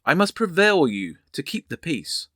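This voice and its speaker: A man's voice: on the high side, big pitch swings, measured pace, pushed and bright, dry recording, voice pushed up, full character voice. A frail old night watchman pleading humbly, voiced by a man. His voice is raised and anxious but stays respectful. The recording is dry and close.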